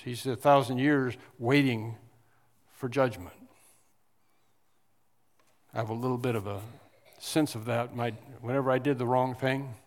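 A man preaching a sermon in an earnest, conversational way, pressing hard on key words before dropping back to a quieter tone. His voice carries a long hall reverb around it. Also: medium pitch. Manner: earnest, rises to emphatic stress on key words, with frequent restarts.

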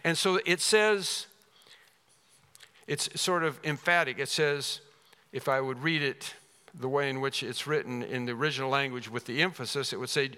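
A man's voice: on the high side, moderate pace, pushed and bright, clear, resonant tone, in a large hall. A man preaching a sermon as pastor, emphatic and repeating key words for stress. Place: church sanctuary.

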